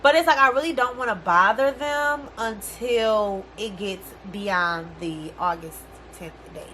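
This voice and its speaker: A young woman vlogging a casual storytime rant, animated and exasperated, swearing freely in slangy speech. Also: medium pitch, unhurried, a little hiss or hum.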